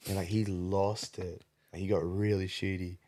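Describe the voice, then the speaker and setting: A man's voice: deep voice, flat delivery, moderate pace, warm tone. A man chatting casually as a podcast guest, rambling with lots of fillers and casual swearing. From Australia. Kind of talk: casual chat.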